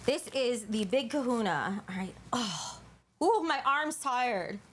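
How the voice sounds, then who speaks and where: A woman's voice: a little high, expressive, slow, slight background noise. A woman hosting a casual livestream, talking to her chat in a crude, joking, bubbly way, sometimes out of breath. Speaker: livestream host.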